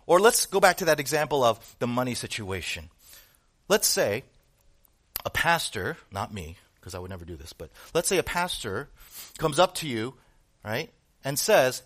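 A man's voice: medium pitch, big pitch swings, normal speed, a bit bright. A male pastor preaching a sermon to his congregation, with rhetorical questions and rising emphasis. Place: church room with a congregation.

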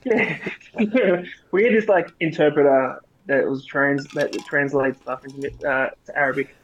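A man's voice: on the high side, a little slow. An Australian man co-hosting a podcast, telling army stories in casual chat, swearing and laughing as he goes. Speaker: podcast co-host, army veteran. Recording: dull lo-fi sound.

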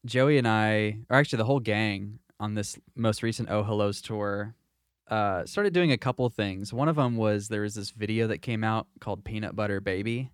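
A man's voice: on the low side, moderate pace, smooth, no room sound, clean studio sound. A man hosting a casual podcast chat, rambling with fillers and restarts. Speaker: podcast host.

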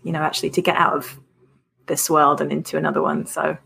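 A woman who writes, chatting in a lively, laughing way in an interview. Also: sits low, fast, vocal fry, breathy edge. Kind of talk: casual interview chat.

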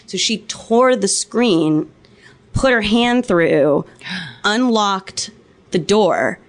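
Brief: podcast guest, woman from Los Angeles, mid-pitch voice, animated, foul-mouthed storyteller. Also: extremely slow. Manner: profane, animated anecdote telling. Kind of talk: casual storytelling.

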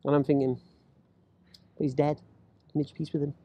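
A man telling a personal story in casual chat, animated and acting out the voices of others. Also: on the high side, fairly quick, no room sound, highs cut off. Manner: animated, acts out quoted voices, laughs while talking.

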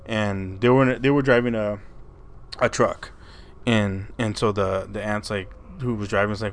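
A man's voice: on the low side, fairly even intonation, normal speed, a little hiss or hum. A man hosting a podcast, telling a story in a rambling, casual way, stumbling over and repeating his words and swearing freely. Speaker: podcast host.

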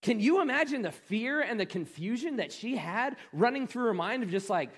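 A male pastor preaches in a casual, storytelling way, with a high voice that swings widely up and down. He often stumbles over and repeats his words as he talks, keeping a relaxed, conversational feel. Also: moderate pace, husky. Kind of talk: sermon.

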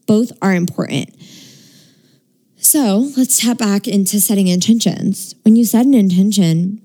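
A woman's voice: medium pitch, warm tone. A young adult woman, a spiritual coach, talking casually about setting intentions, chatty with frequent laughs and casual swearing.

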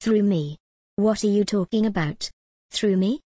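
A woman's voice: medium pitch, unhurried, mellow, dry recording, studio quality, natural voice. A woman voicing a flustered young woman student in an audiobook, anxious and questioning.

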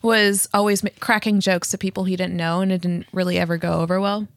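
A woman's voice: fairly low pitch, flat delivery, fairly quick, dry recording, studio quality. A woman co-hosting a podcast, chatting casually in a matter-of-fact, reflective way. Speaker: podcast co-host.

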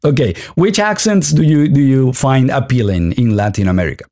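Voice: medium pitch, mellow. A playful interviewer and former radio DJ, leading a casual conversation. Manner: playful, quick to laugh.

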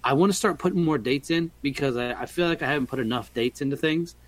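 A man's voice: on the high side, quick pace, no echo. A man hosting a casual podcast, talking in a playful, jokey and rambling way. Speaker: podcast host. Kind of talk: casual chat.

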